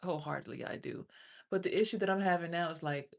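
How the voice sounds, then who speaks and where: Woman, livestream chat, rambling, profane, lowish voice, speaks straight to viewers. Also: fast, vocal fry.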